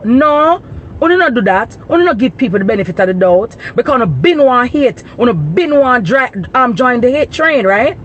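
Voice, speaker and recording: A woman's voice: fairly high pitch, expressive, normal speed, dull audio, slight background noise. A woman with a Jamaican accent, talking to her followers in an indignant, emphatic rant. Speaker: vlogger. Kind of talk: direct-to-camera commentary.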